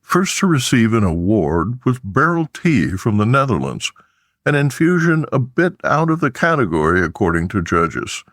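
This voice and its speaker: A man hosting a trade news podcast, reading scripted headlines in a measured, steady newsreader delivery. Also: medium pitch, no echo, clean studio sound.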